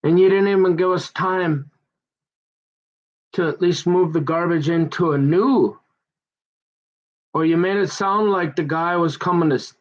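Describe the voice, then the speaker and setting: A man telling a long, aggrieved personal story in a rambling monologue, halting and restarting his sentences as he goes. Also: sits high. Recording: dull muffled lo-fi recording.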